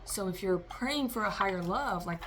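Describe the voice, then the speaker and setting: A woman's voice: mid-range voice, lively intonation, normal speed, background noise. A woman giving a rambling, free-associating tarot reading for a vlog, talking straight to her listeners. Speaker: tarot reader.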